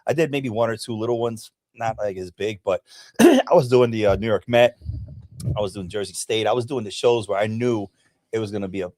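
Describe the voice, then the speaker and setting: A man's voice: on the low side, a little fast, dark tone, no echo. A man from Puerto Rico, a bodybuilder and podcast guest, telling his story earnestly with hesitant "uh" and "um". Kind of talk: interview storytelling.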